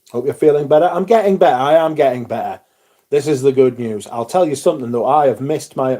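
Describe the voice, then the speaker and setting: A man's voice: medium pitch, warm tone. A man hosting a livestream, chatting casually with viewers, greeting them by name and swearing freely. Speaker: livestream host.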